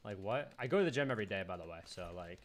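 A man's voice: fairly low pitch, expressive, very fast. A young man at home chatting casually and rambling while streaming a video game. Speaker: gaming streamer. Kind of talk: casual livestream commentary.

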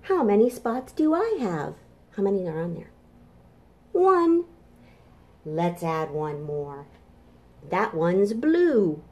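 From her home kitchen, a children's librarian leads a toddler storytime in a lowish, darkish voice, speaking cheerfully and in a sing-song way to the little ones.

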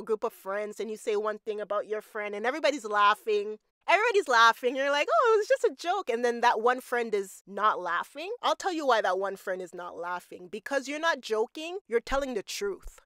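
Emphatic woman commentator with a smooth voice. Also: a little high, a bit bright, no room sound, clean studio sound. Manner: emphatic, repeats points for effect. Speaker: commentary channel host. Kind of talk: reaction commentary on podcast clips.

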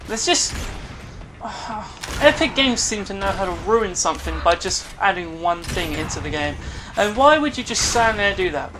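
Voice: mid-range voice, expressive, normal speed, background noise. A gamer giving live commentary on their own play, groaning often and swearing at opponents on screen. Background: game music.

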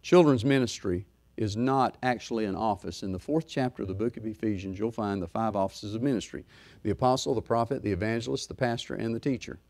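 A middle-aged man pastor preaching a sermon, swinging from loud fervor to soft, hushed talk. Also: lowish voice, fast talker.

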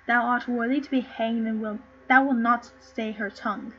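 A woman's voice: fairly high pitch, fairly even intonation, normal speed, voice pushed down, close to an everyday voice. A woman reading the part of a jealous, furious king in an amateur play read-through, with a barking, commanding delivery. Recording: slightly muffled with faint noise.

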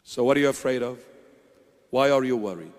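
A man's voice: medium pitch, fairly quick, in a large hall. A man preaching a sermon as a bishop, emphatic, firing off repeated rhetorical questions.

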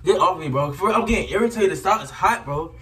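A man's voice: sits high, lively intonation, quick pace, distant mic. A young man teasing his partner and boasting during a spicy chip challenge, laughing and talking while his mouth burns. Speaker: vlogger. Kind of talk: casual teasing vlog banter. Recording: roomy sound from off-mic with loud background noise.

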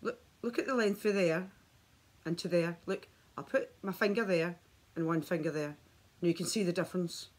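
A woman's voice: fairly low pitch, moderate pace, darkish tone. A woman vlogging a skincare demonstration at home, chatty and enthusiastic as she talks straight to her viewers on the camera mic. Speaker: beauty vlogger.

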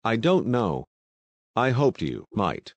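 A man reading the part of a brash, excitable young American man who talks in slang and tells his story in a hurry. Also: mid-range voice, no room sound, full character voice. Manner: slangy, talkative, hurried storytelling.

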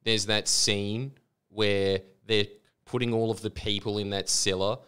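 A man hosting a podcast, telling a story in casual chat, animated and laughing, acting out other people's voices. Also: fairly low pitch, unhurried, clean tone. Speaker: podcast host.

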